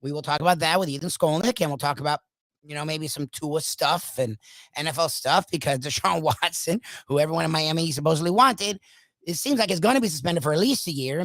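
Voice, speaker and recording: A hoarse man hosting a sports talk show alone, ranting emphatically in a loud, opinionated monologue. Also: fairly high pitch, no room sound, rough recording. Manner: opinionated, swings between loud bursts and quiet asides. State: hoarse from coaching. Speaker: sports radio host.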